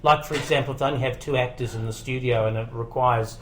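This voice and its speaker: A man in a casual interview, spinning animated anecdotes and slipping into the voices of the people he quotes. His pitch is mid-range, and faint room ambience hangs under a home recording setup. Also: fast talker, a little hiss or hum, rough recording. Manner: animated storyteller who quotes people in character. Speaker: guest voice actor and comedian.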